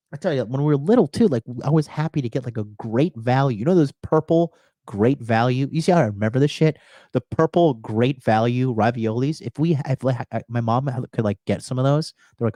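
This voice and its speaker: Man, live stream monologue, profane, emphatic, repetitive, mid-pitched, dry close mic. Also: a little mellow, dry recording. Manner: profane, emphatic, repeats lines for punch. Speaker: dating coach streaming live. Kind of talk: livestream monologue reading chat.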